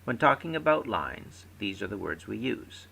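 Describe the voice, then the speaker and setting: A man giving a recorded lecture, explaining terms clearly and stressing syllables in his example words. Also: lowish voice, very animated, normal speed, bright, forceful tone, a little hiss or hum, low-quality recording.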